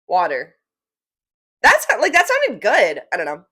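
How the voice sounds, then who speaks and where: A woman's voice: high-pitched, wildly swooping pitch, normal speed, sharp tone. Young woman, New Jersey accent, casual rambling vlog chat, lots of fillers. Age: young adult. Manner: chatty, rambling, self-correcting with lots of "like". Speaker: vlogger.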